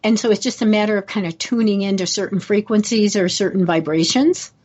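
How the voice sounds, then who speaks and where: This is a woman radio host talking at a middle pitch. She draws her guest out in an easy, affirming way. The recording sounds a little muffled and lo-fi. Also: a little fast, darkish tone, slightly rough. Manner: affirming, conversational. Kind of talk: radio interview chat.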